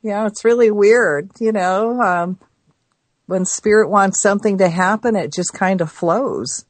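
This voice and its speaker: A chatty American woman hosts a talk radio show in a casual, animated way. Her voice sits at a middle pitch, and she is recorded dry and close. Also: no room sound. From United States. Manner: chatty, animated, quick asides.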